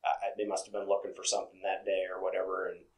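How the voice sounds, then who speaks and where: A low-pitched man talking in a loose, easygoing way. He is a truck driver in a casual interview, and he wanders through his stories with plenty of "you know" fillers. His delivery is relaxed and conversational. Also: quick pace, poor audio.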